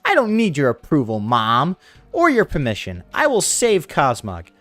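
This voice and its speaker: A man voicing a timid, earnest teenage girl from a game, pleading in a high falsetto while reading the dialogue aloud. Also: wildly swooping pitch, moderate pace, a bit bright, no echo, faint music behind.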